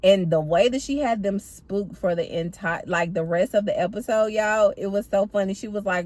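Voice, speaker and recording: A woman's voice: mid-range voice, normal speed, few pauses, a little mellow, dry recording. A woman chatting animatedly to her viewers as she recaps a TV episode, apparently from a car. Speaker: TV recap vlogger. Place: in or by a parked car.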